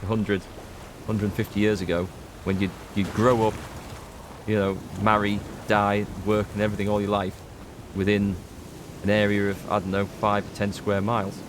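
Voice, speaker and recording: A man's voice: lowish voice, background noise. Chatty North Yorkshire man gaming. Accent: North Yorkshire English. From North Yorkshire, England. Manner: chatty, rambling, talks to chat while playing. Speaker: let's play gamer. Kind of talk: casual gameplay commentary.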